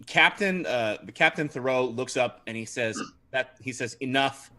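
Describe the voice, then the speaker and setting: A man running a tabletop game on a livestream, narrating scenes and calling for rolls. His voice is bright and lively, with many restarts and easy laughter. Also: mid-range voice, moderate pace. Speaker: game master.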